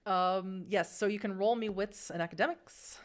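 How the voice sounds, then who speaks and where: A woman's voice: medium pitch, fairly even intonation, normal speed. A woman narrating as game master of a tabletop game, chatty, with many fillers.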